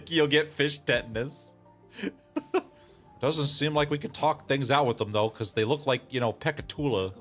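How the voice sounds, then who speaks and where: A man's voice: mid-range voice, animated, measured pace, fairly bright tone, soft background music. A man streaming a game in casual let's-play commentary, joking, laughing often and reading game lines aloud.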